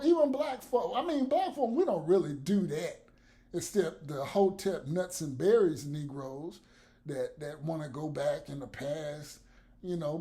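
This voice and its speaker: A man's voice: high voice, dark tone. A man vlogging blunt, profane commentary to the camera, with laughs between his points.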